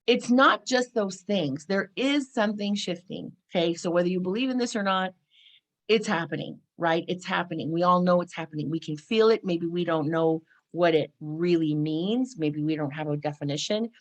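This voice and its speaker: Woman in her 40s from california, slightly low voice, chatty spiritual vlog talk, lots of "you know". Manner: chatty, frequent "right?" and "you know", acts out exclamations. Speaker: spiritual vlogger. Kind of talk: casual spiritual talk to camera.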